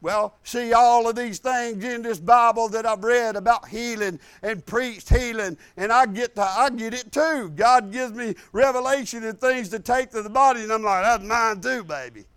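An older man preaching a sermon, telling a funny personal story in a folksy, humorous way with low asides. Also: steady tone, moderate pace, hardly any pauses, a bit bright, smooth, no room sound.

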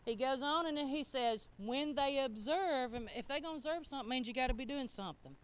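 A woman delivers a sermon in a smooth, clear voice that sits a little high. She talks to the congregation plainly, in everyday grammar, and swings from loud, driving emphasis to soft, low asides. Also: brisk, few pauses. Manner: conversational, with colloquial grammar. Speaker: preacher.

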